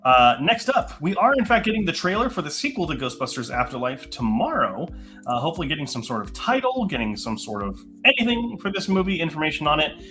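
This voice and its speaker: Fast, bright-voiced man reading movie news. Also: a little high, very animated, faint music behind. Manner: upbeat, quick, reads headlines. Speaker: co-host. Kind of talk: casual movie news chat.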